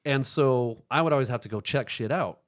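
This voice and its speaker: A man as a podcast guest, telling an animated, profane story in casual chat and acting out the dialogue. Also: mid-range voice, a little fast.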